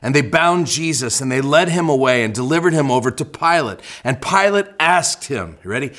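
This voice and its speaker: A man's voice: mid-range voice, lively intonation, brisk, few pauses, fairly bright tone. A man preaching a sermon as a church pastor, often repeating words as he starts phrases and acting out quotes with energy. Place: church sanctuary.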